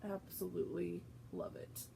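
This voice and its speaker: A woman's voice: fairly low pitch, fairly even intonation, moderate pace, vocal fry, dark tone, a little hiss or hum, poor audio. A woman hosting a casual vlog, reading aloud from a book and chatting, with frequent fillers and self-corrections. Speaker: host.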